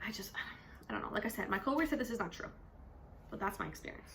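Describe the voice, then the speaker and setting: A young woman from Canada talks casually to camera, chatty and animated, her voice bright and forward. Faint room hum sits behind her. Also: medium pitch, fast talker. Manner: chatty, animated, says "like" constantly. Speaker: vlogger; teacher. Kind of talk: casual vlog chat.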